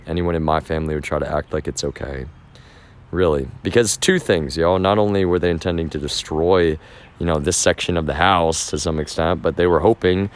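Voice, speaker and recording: A man with a low, deep voice talks to his livestream viewers as he walks outdoors. He rambles and sounds agitated, with many fillers and false starts. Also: clean tone. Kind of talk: rambling casual livestream talk. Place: outdoors walking through a neighborhood.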